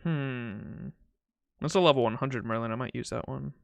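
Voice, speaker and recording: A man's voice: mid-range voice, moderate pace, gravelly, no echo, dull audio. A young man casually chatting as a streamer during a live game playthrough, upbeat and laughing easily.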